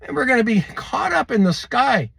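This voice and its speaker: A man's voice: extremely high pitch, big pitch swings, moderate pace, creaky, fairly bright tone, slightly rough, dry recording. A man hosting a prophecy video, preaching to camera with exuberance, calling out to viewers and laughing often. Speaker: end-times prophecy video host.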